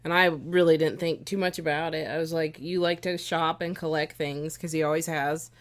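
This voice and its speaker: A woman, the host's wife, talking casually and telling a relaxed story with light teasing. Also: low-pitched, moderate pace. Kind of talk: casual chat.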